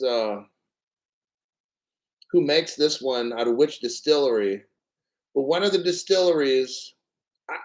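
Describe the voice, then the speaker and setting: A man's voice: fairly high pitch, low-quality recording. Rambling, profane man hosting a livestream. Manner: rambling and profane, clears throat often. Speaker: crypto livestream host. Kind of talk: casual livestream chat.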